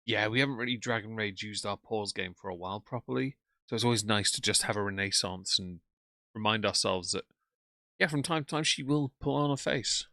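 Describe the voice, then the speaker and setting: A man's voice: on the low side, fairly quick, sharp tone, no room sound. A man, commenting bluntly and sarcastically while reading out chat on a live stream.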